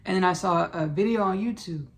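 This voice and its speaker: Gravelly woman podcast host. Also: fairly low pitch, brisk. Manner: effusive, rambling, repeats herself; uses "baby" and "y'all". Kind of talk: casual spiritual talk.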